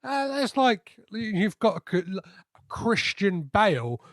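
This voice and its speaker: A man's voice: sits high, very animated, unhurried, fairly bright tone. A man hosting a podcast, chatting casually and rambling with lots of fillers and restarts. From half Greek. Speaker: podcast host. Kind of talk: casual interview chat.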